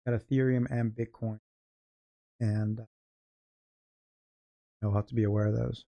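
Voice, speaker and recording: Fairly low, level, and unhurried, his voice sounds gravelly yet mellow. The middle-aged American-accented man from California hosts a day-trading livestream, chatting loosely, joking over charts, and laughing at his own yarns.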